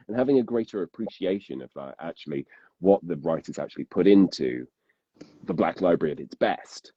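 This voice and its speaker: A man with a low, dark and husky voice, in casual conversation on a podcast. He rambles and starts his sentences over. The sound is dry and a bit muffled, like a lo-fi recording. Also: normal speed, no echo. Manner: rambling, self-interrupting, laughs often. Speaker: podcast guest, audiobook narrator.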